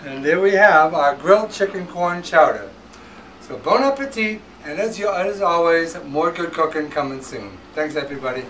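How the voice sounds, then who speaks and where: Guy doing a home cooking demo, kinda high voice, loose and rambling, mic a bit far off. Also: animated, moderate pace, fairly bright tone, slight background noise. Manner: casual, chatty, with fillers and restarts. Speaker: cooking show host.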